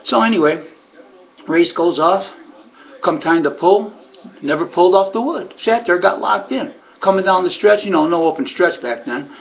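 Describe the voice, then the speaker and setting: Gravelly high-voiced man telling a story. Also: animated, moderate pace, muffled recording. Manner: rambling, full of "you know" and restarts. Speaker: harness racing trainer. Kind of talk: casual spoken storytelling.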